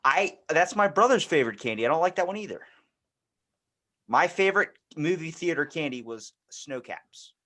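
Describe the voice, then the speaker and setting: Bright-voiced man on a podcast, blunt, swears freely, loud one moment and quiet the next. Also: fairly high pitch, moderate pace. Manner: animated, blunt and profane, swings between loud and quiet. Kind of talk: casual podcast chat.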